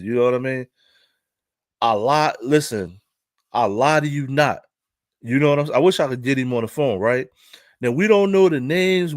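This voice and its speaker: A man vlogging in a Philadelphia accent rambles through a relaxed story, often repeating himself and tossing in "right?" to check with the listener. His voice is medium-pitched, and the recording is studio quality with no echo.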